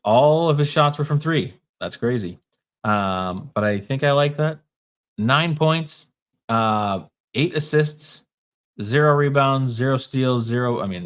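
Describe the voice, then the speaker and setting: Wry, casual Minnesota man streaming. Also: medium pitch. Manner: casual and wry, reading chat comments aloud. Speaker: podcast host. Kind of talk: casual postgame livestream chat.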